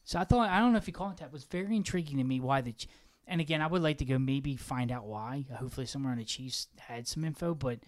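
Excitable man rambling about football. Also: fast talker. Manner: excitable, rambling, pitch jumps when animated. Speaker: podcast co-host. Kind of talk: casual sports chat.

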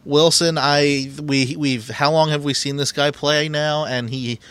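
A man's voice: on the high side, steady tone, measured pace, a bit bright, smooth. A man co-hosting a podcast in casual chat, giving blunt opinions. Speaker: podcast co-host.

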